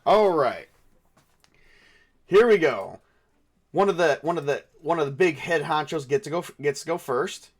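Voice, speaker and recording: Game master, man, slightly high voice, halting, restarts a lot while narrating the fight. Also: animated. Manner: halting, thinks aloud with fillers and restarts.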